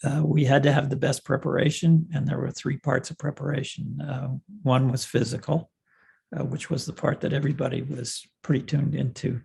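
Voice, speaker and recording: An older man, a former cycling coach, telling stories in an interview in a measured way with many pauses and fillers. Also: mid-range voice, level tone, gravelly, darkish tone, husky. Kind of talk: reminiscing interview answers.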